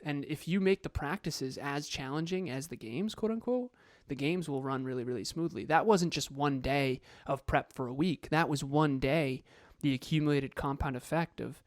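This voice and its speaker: A man's voice: mid-range voice, no room sound, clean studio sound. A man co-hosting a motivational podcast, talking emphatically and repeating words for stress. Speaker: podcast co-host and coach.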